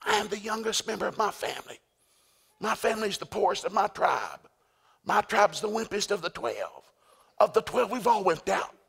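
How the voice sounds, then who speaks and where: A man voicing a timid, starving young man who whines that he is nobody, in a higher pitched voice than his own. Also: very animated, moderate pace, vocal fry, a bit bright, husky, heavily acted. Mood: whiny. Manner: whiny, self-pitying. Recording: echoey hall with long reverb.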